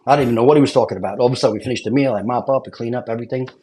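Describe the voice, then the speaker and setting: A retired fire lieutenant tells stories in a loose, animated way, swearing freely. His voice sits in an ordinary middle male pitch. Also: very fast. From Brooklyn, New York. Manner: animated, swearing, acts out quotes. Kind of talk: casual storytelling chat.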